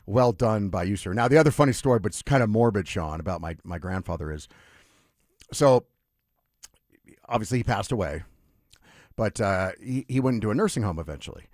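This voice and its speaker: A male sports radio host telling stories in an animated, chatty way, full of asides. His pitch rises and falls a great deal, and the studio sound is dry and close to the mic. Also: brisk, pauses often, dry recording. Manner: animated storyteller, lively with asides. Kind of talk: casual radio storytelling.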